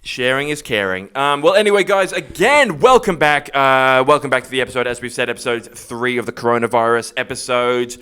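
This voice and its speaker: A man's voice: medium pitch, brisk, hardly any pauses, clean tone. A middle-aged man co-hosting a casual podcast, joking and swearing freely as he talks. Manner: jokey, animated, swears freely. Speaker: podcast co-host.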